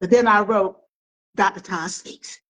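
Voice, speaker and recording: A woman's voice: medium pitch, steady tone, measured pace, fairly bright tone, poor audio. A middle-aged woman author, telling family stories in an interview with emphatic repetition. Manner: emphatic storyteller, repeats phrases for effect. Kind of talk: storytelling in an interview.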